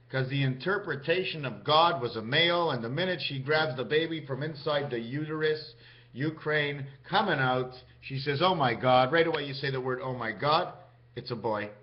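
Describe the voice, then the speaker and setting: A man's voice: on the high side, moderate pace. A man vlogging in a rambling, free-associating monologue, musing aloud as he goes. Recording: dull lo-fi recording.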